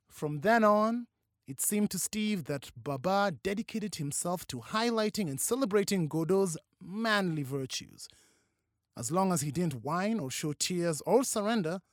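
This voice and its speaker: Expressive audiobook narrator, dry sound. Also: medium pitch, no echo. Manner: expressive, varied delivery.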